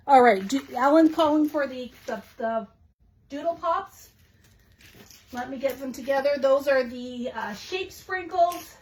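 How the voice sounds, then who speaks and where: A woman with a Canadian accent hosting a live shop showcase of new craft supplies, bubbly and gushing, with quick asides to her viewers. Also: sits high, animated, darkish tone, low-quality recording. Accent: Canadian English. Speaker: shop host showing new craft products. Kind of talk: live product showcase chat.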